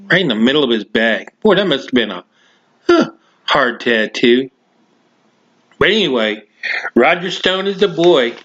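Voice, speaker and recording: A man hosts his own talk podcast in a loose, rambling way, stopping and restarting often with lots of fillers. His voice sits in a middle pitch. The recording sounds dull and lo-fi. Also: sharp tone. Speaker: podcast host. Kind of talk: casual rambling talk show.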